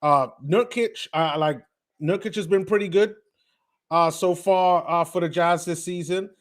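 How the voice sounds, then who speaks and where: A man's voice: sits high, measured pace. A young man hosting a live basketball watch stream, chatting casually, reading viewer comments and often repeating words.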